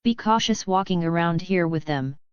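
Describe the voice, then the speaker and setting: A guarded young man with firm principles, speaking in short, cautious warnings, as a woman voices him in an audiobook. The tone is low and smooth, with no room sound at all. The sound is a touch dull. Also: moderate pace, no room sound, close to an everyday voice. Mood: wary. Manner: curt, cautious. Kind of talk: audiobook reading.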